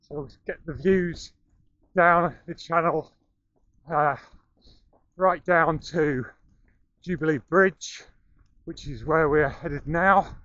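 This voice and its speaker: Filmed on an action camera as he runs outdoors through town and across a bridge, a slightly breathless middle-aged vlogger narrates his jog with dry self-mockery. He speaks slowly in a fairly high, fairly bright voice with long pauses, and the audio is dull with no room sound.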